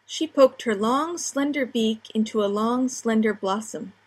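A woman's voice: on the high side, a little slow. A woman narrating a short story with a light, wry touch. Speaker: story reader.

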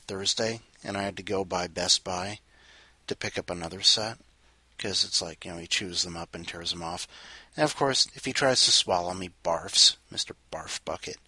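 A man's voice: low voice, bright, forceful tone, husky, no echo. A man hosting a casual home show, chatting playfully with his cat between rambling jokes. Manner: rambling, playful, jokey asides. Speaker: podcast host.

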